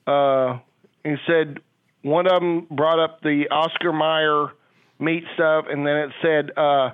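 A man's voice: fairly high pitch, fairly even intonation, slow, clean tone, no echo. Older man rambling over a tinny phone. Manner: rambling, hesitant, many fillers. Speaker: caller, a father. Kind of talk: phone call. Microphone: telephone.

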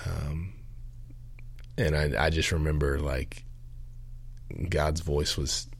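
A young man from Georgia tells his story as a podcast guest, in a very deep, husky voice. He talks earnestly and haltingly, full of fillers and restarts, and the recording is close and dry. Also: steady tone, no echo. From Augusta, Georgia, US. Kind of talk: candid testimony.

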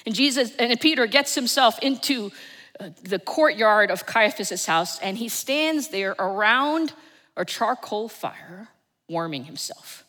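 A woman with a New Jersey accent preaching a Sunday sermon, telling the story with dramatic swings from loud to hushed. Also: on the high side, expressive, measured pace. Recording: long church reverb.

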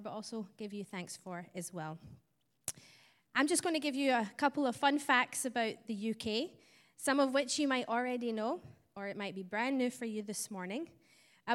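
A Scottish woman, a missionary, explains things to a church congregation in a friendly way, chuckling now and then. Her voice sits at a middle pitch. It rings out with a long reverb in the church hall. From Scotland. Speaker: missionary speaker. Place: church sanctuary.

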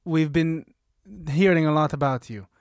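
Improv: woman doing a halting, low-voiced dim general. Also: darkish tone, no echo, clean studio sound, lightly acted. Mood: bumbling. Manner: hesitant, stammering. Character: bumbling male general, clueless with phones. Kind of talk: improv comedy scene.

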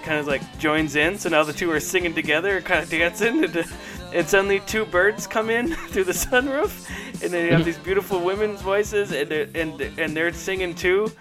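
A man co-hosting a casual podcast chat, rambling excitedly and laughing often as he talks. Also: high-pitched, normal speed, over music. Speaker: podcast co-host. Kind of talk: casual chat about old commercials.

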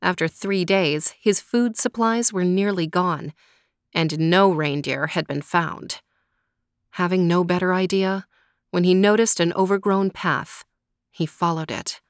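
Woman reading a kids folk tale slowly, calm and even, dry close sound. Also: lowish voice, dry recording. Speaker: storyteller host. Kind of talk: scripted story narration.

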